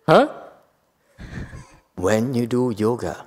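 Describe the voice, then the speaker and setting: A man's voice: mid-range voice, animated, slow pace, darkish tone. A man, a Buddhist master, giving a dharma talk in a monastery hall, emphatic and often questioning his audience. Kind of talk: dharma talk with live interpretation. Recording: long hall reverb.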